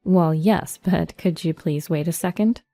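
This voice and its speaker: A woman narrating a first-person story in an even, measured reading voice. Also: on the low side.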